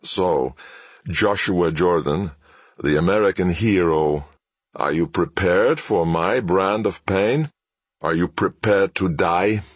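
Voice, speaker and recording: A man's voice: sits low, takes it slowly, slightly rough, no room sound, exaggerated voice. A man putting on a cold, mocking captor. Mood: menacing. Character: ruthless male terrorist captor, calm and controlling.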